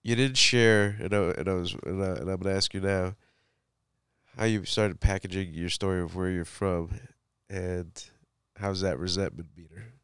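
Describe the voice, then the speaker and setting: Deep gravelly laid-back man host. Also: steady tone, normal speed, a bit bright, dry recording, studio quality. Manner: laid-back, affirming, slangy. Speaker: podcast host. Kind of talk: casual interview chat.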